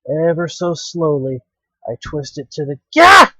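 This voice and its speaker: A man's voice: on the high side, fairly even intonation, moderate pace, darkish tone, no room sound. A man hosting a let's play, reading a visual novel aloud with dramatic, wry narration.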